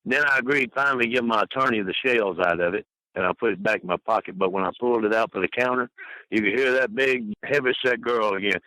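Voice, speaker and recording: Older man, rambling storyteller, bright voice. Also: quick pace, no echo, low-quality recording. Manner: rambling anecdotes full of fillers; mimics people he quotes in high voices. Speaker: podcast guest. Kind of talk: storytelling interview.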